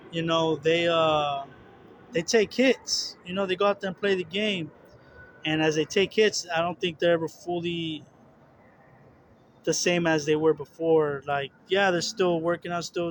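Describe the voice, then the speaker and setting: A man's voice: fairly high pitch, slight background noise. A young man talking casually and earnestly about his spiritual struggles, rambling with repeated words, fillers and restarts. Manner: earnest, confessional. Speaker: religious video host.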